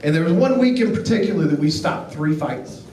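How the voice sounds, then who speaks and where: A middle-aged man works a comedy club stage, telling family stories with a dry, deadpan delivery and acting out the lines of the people in them. His voice sits high for a man. The recording is echoey and picked up from a distance, with faint room noise underneath. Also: brisk. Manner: deadpan storytelling with acted quotes. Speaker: stand-up comedian. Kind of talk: stand-up set. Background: audience laughter.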